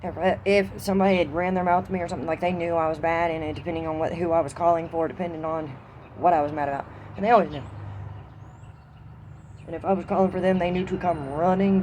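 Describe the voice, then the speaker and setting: A woman's voice: fairly low pitch, dull audio, background noise. Cussing Southern woman rambling outdoors. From Southern United States. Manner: rambling, profane storytelling. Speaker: vlogger. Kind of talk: casual monologue. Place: outdoors in the wind.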